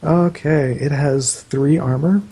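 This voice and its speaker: A man narrates a tabletop game as its game master, rambling loosely from detail to detail. His delivery is unhurried and drawn out, with a husky edge. The tone is dark and mellow. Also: fairly high pitch, fairly even intonation, poor audio. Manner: loose, meandering, full of "like" fillers.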